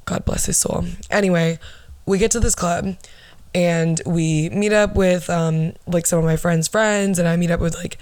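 A woman's voice: lowish voice, darkish tone, no room sound. A young woman in her twenties telling a story on her podcast in a casual, sarcastic and blunt way, swearing freely. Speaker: podcast host.

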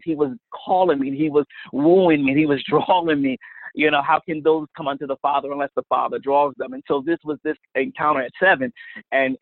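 A man with a fairly high voice tells his faith story in an earnest, storytelling way, repeating words and laughing softly now and then. The sound is thin and phone-like, with no room around it. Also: dry recording. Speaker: guest minister. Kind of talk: testimony in a faith interview. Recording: phone-line sound, dry.

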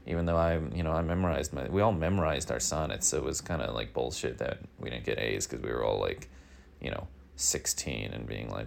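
Very deep, gravelly New man. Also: fairly quick, a little hiss or hum. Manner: deadpan, meandering, many fillers. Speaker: daily news podcast host. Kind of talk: rambling comedic monologue.

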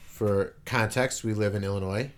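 A man's voice: fairly low pitch, steady tone, moderate pace, slight background noise. A man hosting a casual home podcast with his children, teasing and playful as he interviews them. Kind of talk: casual family chat.

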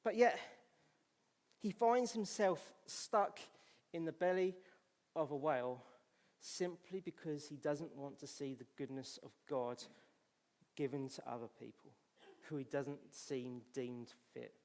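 Scottish guy preaching in church, loud then hushed, reads scripture, fairly high voice. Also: measured pace, long pauses, in a large hall. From Scotland. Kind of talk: sermon.

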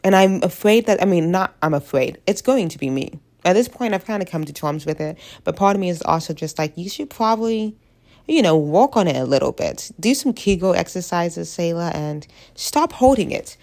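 Young woman, early 20s, congested, low-pitched, animated unfiltered vlog rant. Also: moderate pace. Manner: animated, blunt, swears freely, rambling. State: stuffy head cold, sniffling.

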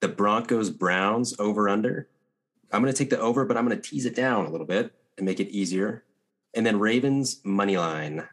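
A man co-hosting a casual sports betting chat, confident and talking in quick bursts. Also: on the low side. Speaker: podcast co-host.

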